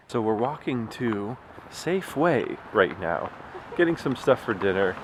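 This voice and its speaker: A man's voice: lowish voice, sing-song, a little slow, crowd noise. A young man chatting casually in a daily vlog, rambling and laughing easily as he talks to his viewers. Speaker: vlogger.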